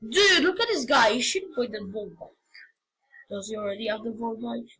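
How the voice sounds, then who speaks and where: A woman giving casual, rambling game commentary, excitable and prone to sudden yelps and shouts. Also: fairly high pitch, moderate pace, husky, low-quality recording. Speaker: gamer.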